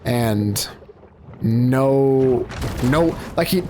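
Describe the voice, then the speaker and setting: A man's voice: medium pitch, expressive, very slow, noisy background. A man rambling through casual gameplay commentary as a let's play host, often breaking off mid-sentence and searching for words. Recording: game music playing behind.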